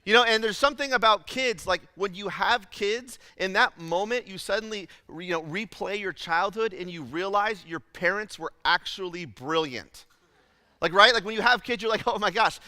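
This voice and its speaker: Animated bright-voiced pastor telling a story. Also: male voice, high voice, dry recording, big-room sound. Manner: animated, self-deprecating storytelling with many fillers. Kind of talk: storytelling sermon. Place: church auditorium.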